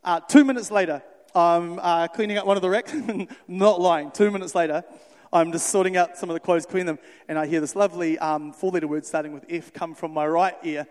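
A young man, a youth worker telling stories in a sermon, animated and conversational, acting out the dialogue. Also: on the high side, a little fast. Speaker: youth worker speaking to a church. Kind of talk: storytelling sermon. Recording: reverberant hall.

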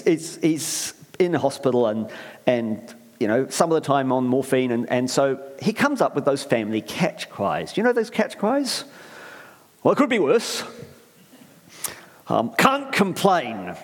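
A man preaching a conversational sermon in a church, rambling and chatty, often asking the congregation questions. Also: fairly high pitch. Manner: rambling, chatty, many fillers and restarts, asks the audience questions. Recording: reverberant church hall.

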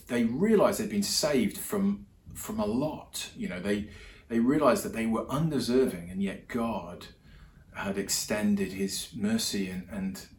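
A man's voice: fairly low pitch, a little hiss or hum. A male preacher telling stories in a conversational sermon, often restarting his sentences. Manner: conversational storytelling with many restarts. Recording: roomy hall echo with faint ambience.

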